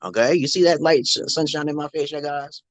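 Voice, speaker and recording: A man's voice: a little high, a little fast, no room sound. A middle-aged man hosting a live stream from his phone, rambling in a profane, opinionated monologue. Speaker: livestream host.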